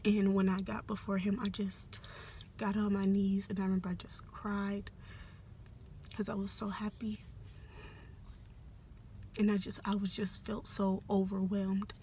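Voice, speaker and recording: A young adult woman telling a personal story in a soft, hesitant, often half-whispered way, with many fillers. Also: medium pitch, little pitch movement, measured pace, pauses often, a little hiss or hum. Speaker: vlogger.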